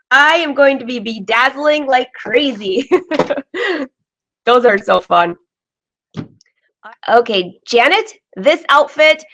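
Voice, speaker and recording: A woman hosting a live sewing vlog from her home studio, chatty and excitable, laughing often. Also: on the high side, muffled recording. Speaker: vlog host. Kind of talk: live-streamed casual chat.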